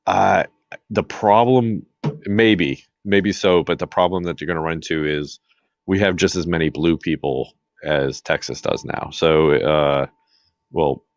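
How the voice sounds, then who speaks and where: A man's voice: deep voice, fairly even intonation, unhurried, dry recording, dull audio. A man from Massachusetts co-hosting a podcast, chatting casually about politics and rambling with many fillers and restarts. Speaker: podcast co-host.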